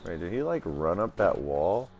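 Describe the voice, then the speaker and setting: A man's voice: sits low, very animated, normal speed, over music. A sleepy man just out of bed, casually talking through a video game as he plays and reacts. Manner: thinks aloud, reacts to the game. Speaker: let's play gamer. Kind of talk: casual gameplay commentary.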